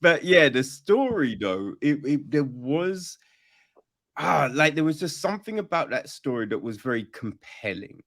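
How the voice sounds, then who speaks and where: A man hosting a podcast, talking casually about films in a halting way with many restarts. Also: on the high side, big pitch swings, fairly bright tone. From Britain. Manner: halting, restarts, laughs easily. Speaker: podcast host.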